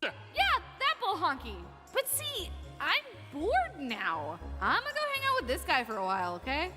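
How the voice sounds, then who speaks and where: Woman doing a sassy young princess, very high, bouncy, music and reverb behind. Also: wildly swooping pitch, measured pace, exaggerated voice. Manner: sassy, flippant. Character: bored, bratty young princess.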